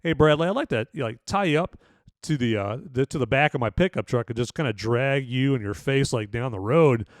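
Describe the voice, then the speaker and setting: A man quoting a blunt, rough-talking soldier in a slightly raised, teasing voice. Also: mid-range voice, fairly quick, dry recording, clean studio sound, close to an everyday voice.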